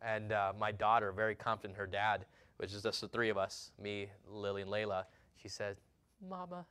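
A man preaching a sermon, swinging from quiet, stumbling asides to loud, slow declarations, often repeating words. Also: on the low side, little pitch movement, clean tone. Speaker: pastor.

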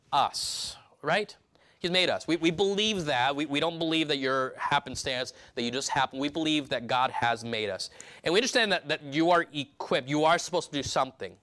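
A pastor delivers an emphatic sermon in church, restarting his lines repeatedly and posing rhetorical questions. His male voice is on the high side with a sharp tone.

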